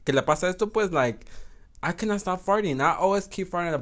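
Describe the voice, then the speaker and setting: Young guy rambling on his podcast, cussing a lot, laughing, voice jumps all over, a bit high. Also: lively intonation, quick pace, fairly bright tone, slight background noise. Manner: crude, laughing, switches between English and Spanish. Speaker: podcast host. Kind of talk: casual solo podcast chat.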